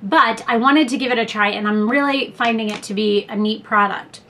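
A woman with a somewhat high voice records a casual beauty haul at home, talking close to her camera. She rambles chattily through the products, with plenty of fillers and little asides. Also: moderate pace, fairly bright tone, slight background noise. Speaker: beauty vlogger.

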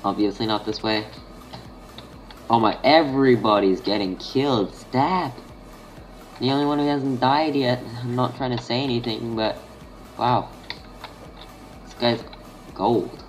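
Soft music plays behind an Australian gaming channel host who talks unhurriedly, with long pauses, in a mid-range voice. He comments casually on the game, muttering to himself and thinking aloud in fragments.

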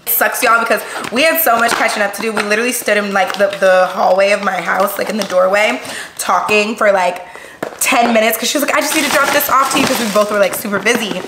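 A woman, chatting excitedly to viewers while unboxing gifts at home, gasping and gushing as she goes. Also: medium pitch, quick pace. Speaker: vlogger. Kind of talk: casual unboxing vlog. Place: room at home. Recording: echoey room with background noise.

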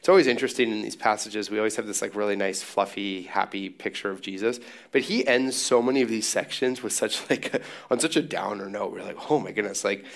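A man's voice: fairly low pitch, brisk, vocal fry. A man preaching a sermon in a casual, joking way with sarcastic asides. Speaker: pastor.

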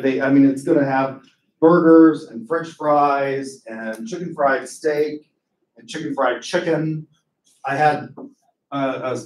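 A man's voice: medium pitch, a little mellow. A man giving a conversational classroom lecture as a professor, full of wry, digressive asides.

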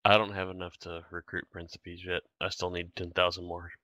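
A man's voice: deep voice, flat delivery, a little fast, pushed and bright, no room sound. A man in a casual gaming chat with friends, swearing freely and telling stories. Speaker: gamer friend.

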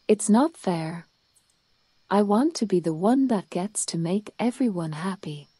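A woman's voice: medium pitch, lively intonation, unhurried, dark tone, husky, no room sound. Woman reading as a grumpy little storm cloud. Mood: grumbling. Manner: grumbling, sulky.

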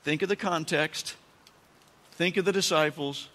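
A pastor preaching a sermon, telling the story with animated asides and dramatic emphasis. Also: male voice, fairly high pitch, measured pace. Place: church sanctuary. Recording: long church-hall reverb.

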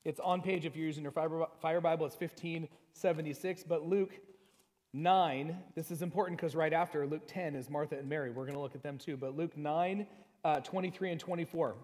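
A middle-aged male pastor with a fairly high voice, preaching a sermon in a casual, joking way. He tells personal stories and slows down to stress scripture. His voice rings with the long reverb of a church hall. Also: fairly even intonation, a little mellow. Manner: reads scripture slowly and with emphasis. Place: church sanctuary.

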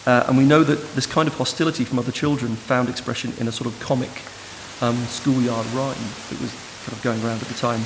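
A man giving an academic lecture in a measured, thoughtful way, recorded in a lecture room. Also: mid-range voice, fairly even intonation. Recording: noisy hiss in a reverberant hall.

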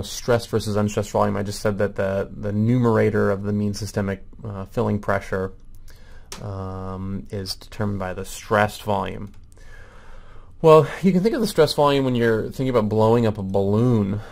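A man's voice: fairly low pitch, creaky, a little mellow. A man giving a recorded medical lecture, explaining step by step with frequent ums and self-corrections.

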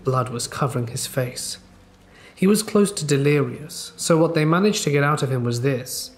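A man narrating true scary stories in a calm, measured storytelling way. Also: a little high. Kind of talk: scripted narration. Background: faint rain ambience.

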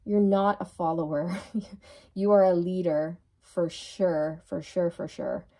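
A woman's voice: fairly low pitch, steady tone, slow pace, dark tone. A woman giving a channeled tarot reading who speaks reassuringly and repeats words for emphasis. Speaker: tarot reader.

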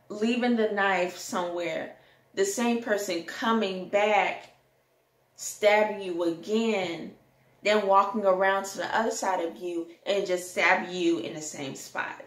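A young adult woman telling a candid personal story in a rant, animated and sometimes breaking into song. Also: medium pitch. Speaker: vlogger. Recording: echoey room.

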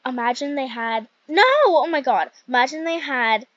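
A young woman giving rambling, excitable commentary while playing a video game, with many fillers. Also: high voice, normal speed, dry recording, dull audio. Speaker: gaming youtuber. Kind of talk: casual gameplay commentary.

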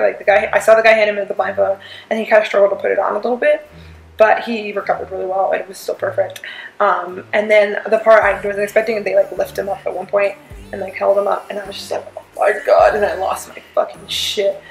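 A woman vlogger with a gravelly, fry-tinged voice, gushing excitedly about a concert in loose, filler-heavy chat with the odd swear. She sounds like she is in an echoey room, with faint music playing underneath. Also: mid-range voice. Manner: gushing, excitable fangirl talk full of "like" and swearing. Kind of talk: casual concert review chat.

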